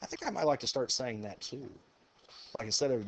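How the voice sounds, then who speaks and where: A man's voice: medium pitch, very animated, a little fast, slight background noise. A male math teacher lecturing a class, upbeat and encouraging as he works through problems aloud.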